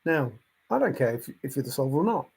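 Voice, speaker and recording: A man's voice: medium pitch, big pitch swings, quick pace, creaky, a little mellow, husky. A man vlogger giving an emphatic, repetitive casual monologue, chuckling to himself now and then.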